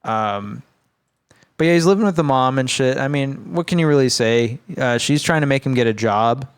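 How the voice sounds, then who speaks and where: Man, podcast co-host, smooth resonant voice, mid pitch, laid-back, profane, rambling. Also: normal speed. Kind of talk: casual chat recapping a film.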